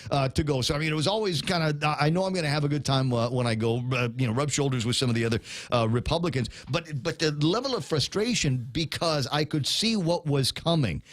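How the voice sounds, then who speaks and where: A man's voice: on the high side, animated, quick pace, few pauses, no echo. A man hosting a morning radio talk show from the studio, rambling casually with fillers, restarts and chuckles. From Guam. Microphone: studio mic.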